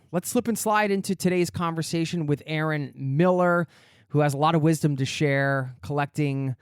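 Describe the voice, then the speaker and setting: A man hosting a travel podcast, talking in an energetic, jokey way with plenty of casual fillers and restarts. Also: on the high side, no room sound, studio quality. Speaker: podcast host. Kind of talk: upbeat podcast intro and chat.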